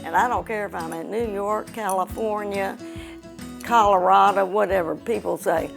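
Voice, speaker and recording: A woman from Arkansas with an Arkansas Southern accent, an animated storyteller who mimics the people she quotes. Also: medium pitch, normal speed, gravelly, soft background music. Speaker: interviewee.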